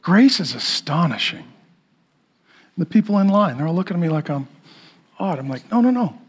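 A male pastor delivering a sermon in an emphatic, repetitive preaching style that swings from loud to hushed. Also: on the high side, expressive, normal speed, breathy edge.

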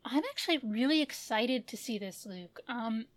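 A woman's voice: fairly high pitch, lively intonation, normal speed. A woman co-hosting a podcast in casual chat, thoughtful, often restarting and hedging her points. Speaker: podcast co-host.

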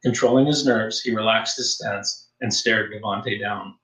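A man reading a suspense story aloud as audiobook narrator, with steady storytelling delivery and a roomy echo. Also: on the low side, measured pace. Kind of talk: scripted narration.

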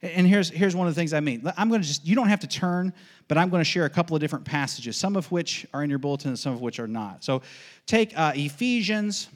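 A man preaching a sermon as pastor, emphatic and folksy, repeating questions and answers in a steady call-and-response rhythm. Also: fairly high pitch. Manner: folksy asides with light laughs.

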